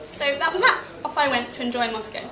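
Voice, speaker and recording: A woman's voice: a little high, animated, fast, pushed and bright. A young British woman from England telling a wry, self-deprecating personal travel story to a live audience. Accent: British English. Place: cafe event room. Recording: echoey cafe with noisy ambience.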